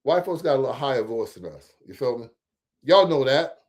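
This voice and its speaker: A man hosting casual political commentary, talking straight to his viewers in an animated, profane, chatty way. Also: mid-range voice, a little fast. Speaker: host of a local commentary stream.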